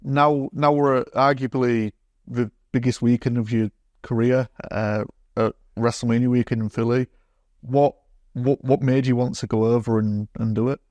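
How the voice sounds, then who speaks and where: A male interviewer with a mid-pitched voice. He stumbles and restarts his questions as he asks them. The recording is close and dry. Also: little pitch movement, a little mellow, dry recording, dull audio. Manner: halting, repeats his opening words.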